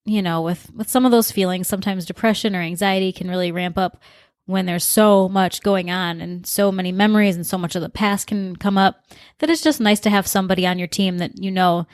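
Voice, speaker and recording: A woman's voice: mid-range voice, fairly even intonation, brisk, no echo, studio quality. A woman co-hosting a relationship podcast, speaking in a caring, conversational way. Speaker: podcast co-host. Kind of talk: casual advice talk.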